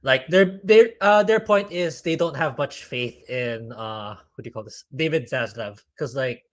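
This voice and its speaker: A man co-hosting a relaxed talk show, giving his opinions in a chatty, easygoing way. His voice has a middle pitch, and he hedges often with "uh" and "like.". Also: measured pace. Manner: chatty, hedging with fillers. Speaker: podcast co-host. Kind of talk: casual chat.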